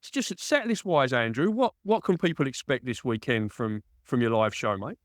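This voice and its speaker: A chatty male radio host with an East London accent and a smooth, resonant voice. He asks questions in an easy, friendly manner. The recording is dry and close. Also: mid-range voice, expressive, moderate pace, dry recording. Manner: chatty, says mate often. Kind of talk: radio interview.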